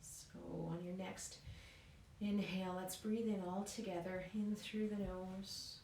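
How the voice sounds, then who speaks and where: A woman leading a yoga class in a calm, encouraging way, often checking in with "right?". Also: medium pitch, slow pace, a little hiss or hum. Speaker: yoga instructor. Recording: roomy echo, mic at a distance.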